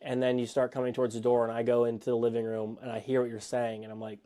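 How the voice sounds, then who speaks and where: A man co-hosting a podcast, telling an excited, rambling story in casual chat from a home studio. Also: medium pitch, fast talker, hardly any pauses. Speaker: podcast co-host.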